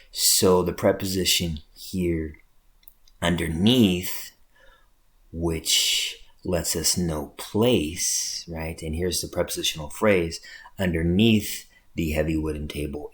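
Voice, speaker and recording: Low-voiced man teaching a writing lesson. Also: slow. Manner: explanatory, checks in with "right?". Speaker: English teacher. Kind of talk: recorded lecture.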